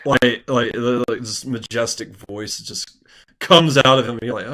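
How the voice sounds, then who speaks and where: A man co-hosts a music chart podcast and talks in loose, excited bursts, often restarting his sentences. His tone is bright and pushy, and he acts out his own reactions in quoted asides. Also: medium pitch, moderate pace. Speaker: podcast co-host. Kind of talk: casual chat.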